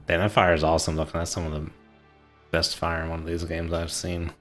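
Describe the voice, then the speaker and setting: Deep-voiced man streaming a naval game. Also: monotone, brisk, a bit bright, faint music behind. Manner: chatty, laughs often, talks to himself. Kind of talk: casual gameplay commentary.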